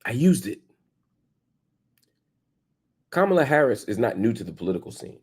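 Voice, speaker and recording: A man's voice: sing-song, fast, a little mellow, husky. A man hosting an opinion commentary show, arguing emphatically with rhetorical questions and casual slang. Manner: emphatic, rhetorical questions, pitch jumps for stress.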